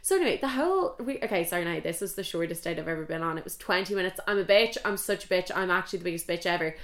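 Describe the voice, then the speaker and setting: A woman's voice: lowish voice, fast, hardly any pauses. A young Irish woman in her twenties telling a dating story in a casual, rambling way, blunt and full of swearing and fillers. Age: 20s.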